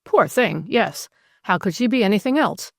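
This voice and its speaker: A woman's voice: medium pitch, expressive, normal speed, vocal fry, no echo, studio quality. A woman voicing a genteel older male country vicar who speaks earnestly and exclaims easily. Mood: fussy.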